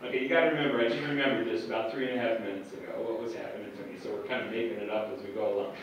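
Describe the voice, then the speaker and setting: A man's voice: on the low side, steady tone, very fast, crowd noise. A man telling a comic, self-mocking story to a live audience from the stage, recorded from far off in an echoey hall.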